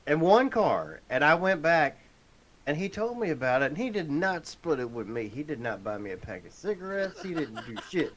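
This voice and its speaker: A man's voice: on the high side, very animated, moderate pace, fairly bright tone, a little hiss or hum. A man in casual podcast chat, telling a story bluntly, with grumbling and swearing. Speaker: podcast guest.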